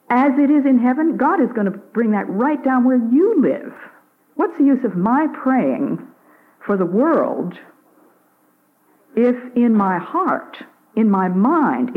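An older woman giving a devotional talk on the radio, earnest and measured, pausing to stress single words. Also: mid-range voice, narrow, tinny audio. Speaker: Christian speaker.

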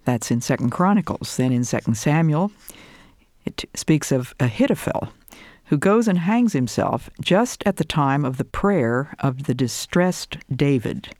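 An older woman giving a devotional talk, telling a personal story and reciting names of God in an earnest, measured way. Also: deep voice, lively intonation, a little mellow, no echo, clean studio sound. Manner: earnest, measured, lists scripture names slowly. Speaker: Christian speaker.

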